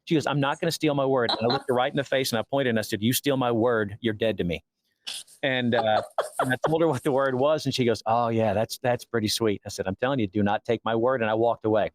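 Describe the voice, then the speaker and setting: A man's voice: medium pitch, fast, dry recording. A man, an actor guest, telling stories in a casual interview and acting out the dialogue as he goes. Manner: animated, acts out quoted dialogue.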